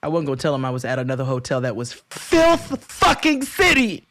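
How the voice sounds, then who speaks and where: A man co-hosting a podcast, telling a long story in casual chat, acting out quotes in high voices and laughing often. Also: wildly swooping pitch, a little fast, fairly bright tone, dry recording, clean studio sound. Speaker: podcast co-host.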